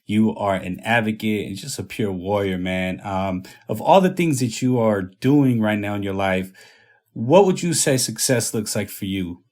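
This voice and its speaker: A man with a fairly low voice conducts an interview. He heaps admiring praise on his guest before he puts his question. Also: animated, moderate pace, darkish tone.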